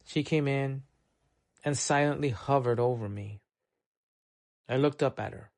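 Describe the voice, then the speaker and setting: A man narrates a noir short story in a measured, unhurried way. His voice sits at an ordinary middle pitch. The recording is dry, with almost no room sound. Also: darkish tone, no room sound. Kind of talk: scripted audiobook narration.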